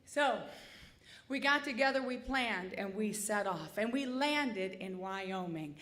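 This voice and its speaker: A woman's voice: medium pitch, animated, slow pace, a bit bright. A woman in her forties from Michigan telling a comic, self-deprecating story live on stage, in a chatty way.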